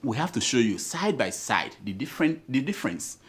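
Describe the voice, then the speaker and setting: A man's voice: mid-range voice, big pitch swings, brisk, a bit bright. A man with a Nigerian accent hosting a satirical news show, cracking jokes and laughing through his commentary.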